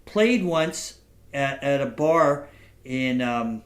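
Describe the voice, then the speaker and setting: A man hosting a podcast, talking in a halting, casual way with frequent restarts and laughter, telling stories to his guest. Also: medium pitch, lively intonation, roomy sound. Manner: halting, repeats words, laughs often. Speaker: podcast host. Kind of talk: casual interview chat and storytelling.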